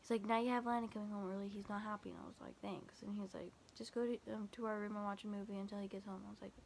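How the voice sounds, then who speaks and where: Steady in tone and darkish, with vocal fry at medium pitch, a young woman vlogger talks fast as she retells a scary night. She quotes texts constantly with "I was like" and "he's like," rambling and restarting with heavy fillers, slight background noise present.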